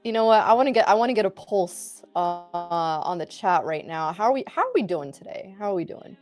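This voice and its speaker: A woman's voice: mid-range voice, animated, fairly quick, over music. A woman hosting a live trading stream, chatting casually with an upbeat, teasing manner. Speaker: trader host.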